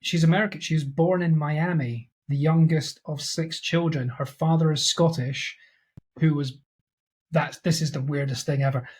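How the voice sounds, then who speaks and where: A man's voice: a little high, steady tone, normal speed, a little mellow, husky. A man co-hosting a casual movie podcast over an online call, reading film facts aloud in a rambling, chatty way. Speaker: podcast co-host. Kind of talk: casual chat.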